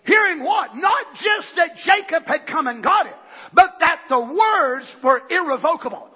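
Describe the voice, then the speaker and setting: A man preaching a fiery sermon, shouting fervently and then dropping to low, quiet asides. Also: lively intonation, a little slow. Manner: shouts fervently, swings between loud bursts and low asides. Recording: dull lo-fi recording.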